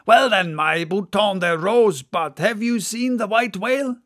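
A man's voice: high voice, a little slow, a bit bright, voice pushed up. A man voicing a boisterous, joking male whaling mate in an audiobook, bellowing and mocking. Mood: hailing loudly. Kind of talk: audiobook character voice.

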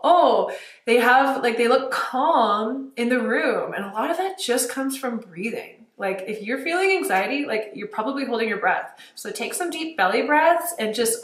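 A young woman vlogger giving casual advice to camera, chatty and animated, laughing often and swearing casually. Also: on the high side. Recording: roomy echo.

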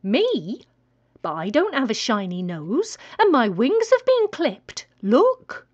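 A woman's voice: mid-range voice, huge pitch swings, takes it slowly, highs cut off, heavily acted. A woman voicing a stubborn, dramatic female chicken in a storybook reading. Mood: indignant. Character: fussy plump female hen, dramatic and stubborn.

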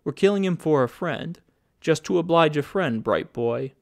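A man's voice: fairly high pitch, lively intonation, moderate pace, vocal fry. A man voicing a talkative hired gunman who mocks and taunts as he speaks. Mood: sneering. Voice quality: sneering, mocking.

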